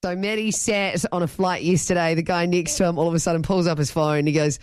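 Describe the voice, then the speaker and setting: A woman's voice: on the low side, fairly even intonation, fairly quick, a little mellow, clear, resonant tone, no room sound, studio quality. A woman hosting radio, bubbly and laughing often in banter. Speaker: radio host.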